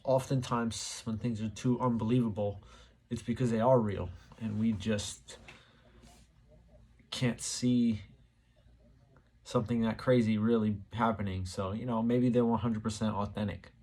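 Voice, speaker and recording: His voice is fairly low and husky, a little mellow and a little slow, with fairly even intonation. He hosts his own channel, talking casually to camera while rambling through his thoughts, full of fillers.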